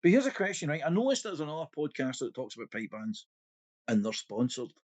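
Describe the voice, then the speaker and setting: A man's voice: fairly high pitch, sing-song, fast, a little mellow, no room sound. A Scottish man co-hosting a podcast in casual chat, acting out quotes and laughing often. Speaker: podcast co-host.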